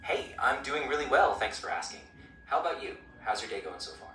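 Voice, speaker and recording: A synthetic male voice assistant coaching pronunciation in an upbeat, encouraging way with even-paced explanations. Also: medium pitch, a little fast. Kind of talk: friendly coaching chat. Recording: roomy, distant speaker playback with clear noise.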